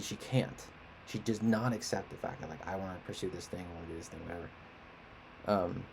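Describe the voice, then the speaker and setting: A man's voice: sits low, gravelly, background noise. A young man venting in a casual, rambling monologue, frustrated and swearing often. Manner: frustrated, profane, rambling rant. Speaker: independent musician and artist.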